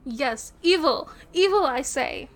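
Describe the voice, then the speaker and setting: A woman's voice: high voice, animated, slow pace. A woman playing a giggly teasing girlfriend. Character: playful teasing young adult girlfriend. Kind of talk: romantic audio role-play.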